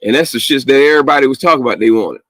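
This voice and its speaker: A podcast host rants bluntly and profanely in casual slang, firing off words rapidly with heated asides and lots of laughter. His medium-pitched voice has a fairly bright tone, and the rough recording has no room sound.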